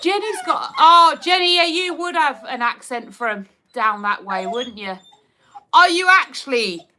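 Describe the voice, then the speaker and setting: A woman's voice: fairly high pitch, big pitch swings, a little slow, pushed and bright, a little hiss or hum. A woman with a Hertfordshire accent, chatting casually and giggling as she reads out viewer comments on her live stream. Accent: Hertfordshire English. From Hertfordshire, England. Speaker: livestream host.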